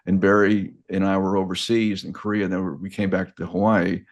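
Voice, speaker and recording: A man in his sixties, a podcast guest, telling a story in a halting way, often restarting and repeating words. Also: sits low, level tone. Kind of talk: casual storytelling.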